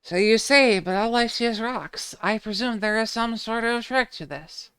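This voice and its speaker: A woman's voice: fairly high pitch, moderate pace, a bit bright, smooth, dry recording, voice pushed up, natural voice. A woman voicing a prim, formal young male scholar with a precise, slightly pompous delivery.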